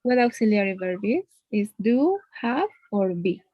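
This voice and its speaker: A woman gives a one-on-one English lesson in a mid-pitched voice. Her talk is patient and explanatory, and she keeps checking in with a little "no?". The recording is dry and close, with no room sound. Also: big pitch swings, unhurried, dry recording, highs cut off. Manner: explains patiently, often adds "no?" as a tag. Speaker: English teacher.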